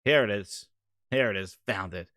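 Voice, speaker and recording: A man hosting a live stream, talking in a rambling, excitable way with casual swearing. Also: fairly low pitch, moderate pace, no room sound, studio quality. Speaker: host.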